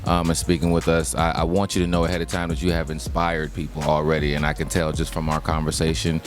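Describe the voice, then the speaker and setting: Guy with a really low voice doing the interview, music in the back. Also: little pitch movement, fast. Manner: encouraging, short affirming replies. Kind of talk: casual interview chat.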